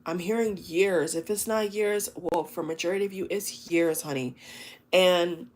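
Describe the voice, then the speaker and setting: A woman's voice: lowish voice, normal speed. A woman giving a collective tarot reading to her viewers, talking in an emotive, chatty way, full of exclamations and fillers. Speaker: tarot reader.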